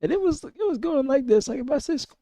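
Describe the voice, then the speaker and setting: Hoarse male streamer, voice cracking high. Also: expressive, quick pace, mellow, no echo. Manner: coarse, rambling, swears a lot, repeats himself. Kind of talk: casual live-stream chat.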